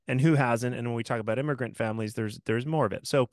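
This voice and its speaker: A man hosting a podcast, asking long, thoughtful questions in a measured way. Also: medium pitch, no echo, clean studio sound. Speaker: podcast host.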